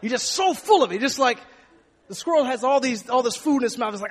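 High-voiced preacher in an echoing hall. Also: male voice, animated, fast. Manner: emphatic, repeats words while speaking. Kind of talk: sermon.

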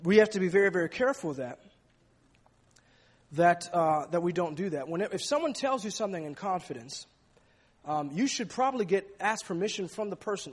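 A man delivers a sermon with a high, slightly breathy voice. He speaks emphatically and often doubles back on his words. Long reverb from a large church hall trails each phrase. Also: expressive, normal speed. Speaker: preacher.

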